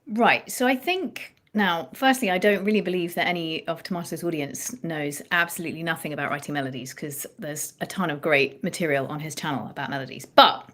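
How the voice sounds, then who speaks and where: A woman songwriting coach explaining ideas in an animated interview chat, restarting her phrases as she thinks aloud. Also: sits low, fairly quick, hardly any pauses.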